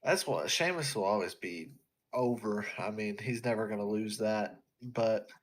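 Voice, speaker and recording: A man's voice: on the low side, a little slow. A man co-hosting a wrestling podcast in casual chat, laid-back, often chiming in with short agreements. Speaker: podcast co-host.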